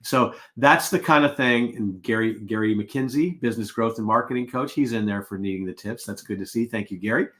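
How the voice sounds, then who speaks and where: Man coaching with lively anecdotes. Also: fairly low pitch, a little fast, hardly any pauses. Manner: casual, storytelling, acts out quoted exchanges. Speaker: sales and presentation coach. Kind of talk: live webinar teaching.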